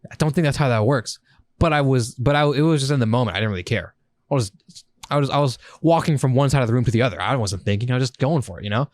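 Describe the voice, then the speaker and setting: A young man co-hosting a casual podcast, swearing and telling stories in an animated way. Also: medium pitch, fast talker, no room sound. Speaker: podcast co-host. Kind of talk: casual chat.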